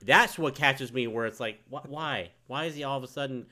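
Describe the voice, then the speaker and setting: Blunt, swearing man with a bright voice. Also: mid-range voice, brisk. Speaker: podcast co-host. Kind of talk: casual movie review chat.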